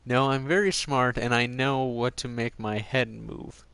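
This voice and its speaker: A man's voice: medium pitch, fairly even intonation, measured pace, vocal fry, fairly bright tone, clean tone, no room sound. A man hosting a gaming channel, chatting casually while he plays and drifting from one joking tangent to the next. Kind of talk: casual commentary while playing a game.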